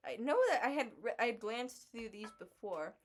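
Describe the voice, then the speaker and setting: A chatty young woman with a fairly high voice co-hosts a casual podcast. She chats freely, reads headlines aloud and breaks into laughter easily. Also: normal speed. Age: young adult. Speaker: podcast co-host. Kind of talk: casual chat reading old headlines.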